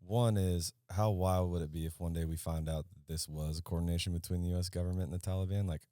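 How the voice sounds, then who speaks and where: Podcast co-host, male, very deep, dry studio sound, loose rambling storyteller. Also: steady tone, quick pace, mellow, no echo. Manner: rambling storyteller, swears freely. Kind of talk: casual chat.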